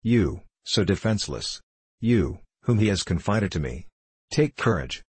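A man reading the lines of a gentle, earnest older friar in an audiobook, solemn and consoling in manner. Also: lowish voice, big pitch swings, measured pace, breathy edge, no echo, heavily acted. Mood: solemn consolation.

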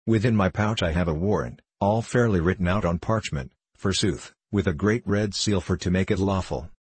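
A man reading a storybook, voicing a boastful, quick-tempered male tinker in old-fashioned archaic speech. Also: low voice, husky, dry recording.

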